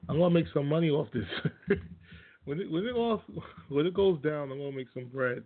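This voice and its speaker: A man's voice: fairly high pitch, expressive, a little fast. A man hosting his own radio show, ranting casually and bluntly about sports with plenty of profanity and scornful laughs. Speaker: host. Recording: tinny phone-like audio.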